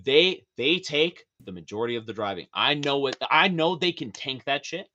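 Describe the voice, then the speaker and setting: A man as a podcast guest in casual chat, animated and profane, laughing often. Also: medium pitch, moderate pace, highs cut off, a little hiss or hum.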